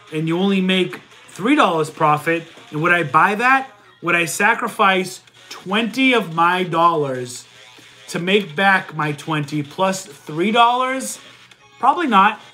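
Loud, energetic high-voiced man. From Italian heritage. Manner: loud and energetic, says he yells; reads viewer comments aloud, talks numbers out loud. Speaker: livestream host answering chat. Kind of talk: casual livestream chat.

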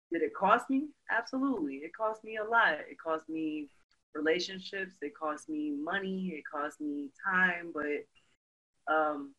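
A woman's voice: deep voice, a bit bright, muffled recording. A woman from Brooklyn, a guest telling stories in a casual interview and dropping many "you know"s along the way. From Brooklyn, New York.

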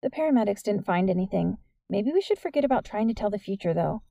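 A woman's voice: medium pitch, animated, quick pace, vocal fry, warm tone, no room sound, studio quality. Woman reading a blunt, skeptical teen girl.

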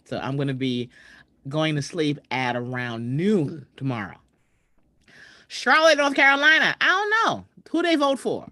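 A chatty woman comedian hosts her live stream and talks straight to her viewers. Her pitch leaps around as she talks, and the sound is dry and close on a webcam. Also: very animated, a little slow, bright, forceful tone, dry recording. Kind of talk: casual live-stream chat. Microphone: webcam video call.

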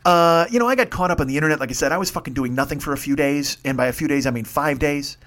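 A man's voice: a little high, fast, fairly bright tone. A man, hosting a podcast and telling rambling, profane stories in a casual solo monologue. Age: 50s. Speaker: podcast host.

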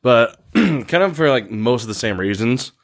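A man's voice: medium pitch, lively intonation, normal speed. A man hosting a podcast, chatting about a film in a laid-back way and signing off the show. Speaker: podcast host. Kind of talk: casual film review chat.

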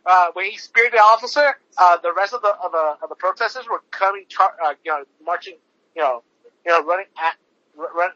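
A man's voice: high voice, fairly quick, pushed and bright, no echo. A man hosting a podcast, ranting casually with heavy swearing, lots of fillers and restarts. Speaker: podcast host. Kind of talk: casual profane podcast rant. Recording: dull lo-fi recording.

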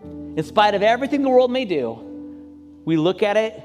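High-voiced pastor in an echoing hall. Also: male voice, lively intonation, normal speed, faint music behind. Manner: impassioned prayer, rising high and loud at peaks. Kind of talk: sermon closing and prayer.

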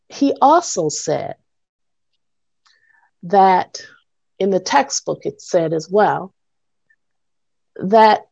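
Slow, breathless woman teaching over a call. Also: mid-range voice, vocal fry, darkish tone, dry recording, highs cut off. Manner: halting, with many fillers and pauses. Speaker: guest speaker. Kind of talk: teaching in an online Bible class. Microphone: video call.

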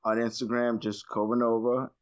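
A man's voice: mid-range voice, little pitch movement, moderate pace, muffled recording. A man in his late thirties, a podcast guest in casual chat, rambling with many fillers and swearing freely. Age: 30s.

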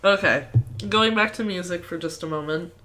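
A woman's voice: fairly low pitch, moderate pace, sharp tone. A woman co-hosting a casual movie podcast, laughing often and acting out quotes in silly voices. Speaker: podcast co-host.

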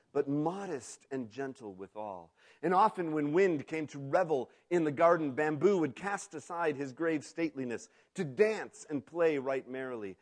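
A man's voice: fairly high pitch, darkish tone. A man preaching a sermon, an earnest pastor who reads a story aloud to his congregation.

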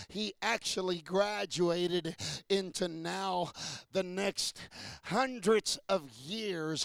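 A man preaching a sermon to a congregation, asking questions and building from low talk to shouted peaks. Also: gravelly, no echo, studio quality.

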